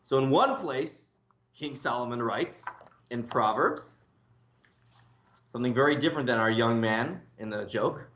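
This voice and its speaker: A man's voice: medium pitch, expressive, unhurried, long pauses, a bit bright, a little hiss or hum. A man, a rabbi, teaching a casual lunchtime class, joking, laughing often and calling on students to read. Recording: echoey room.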